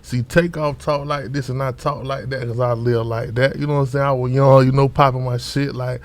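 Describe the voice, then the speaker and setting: A man's voice: mid-range voice, level tone, fairly quick. A young man from Orlando, a rapper guest, talking loosely in street slang with many fillers and repeated words. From Orlando, Florida. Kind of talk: casual interview talk.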